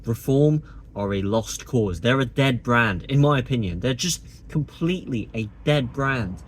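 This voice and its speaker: A man's voice: medium pitch, expressive, measured pace, a little hiss or hum. A man delivering a sarcastic, indignant opinion monologue to camera as a political vlogger.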